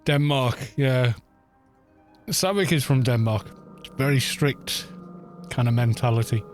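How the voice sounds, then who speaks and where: Streaming a game from Wales, this middle-aged man jokes around with his audience, stumbling and laughing as he replies to chat. He speaks in a mid-range voice at a measured pace over soft background music.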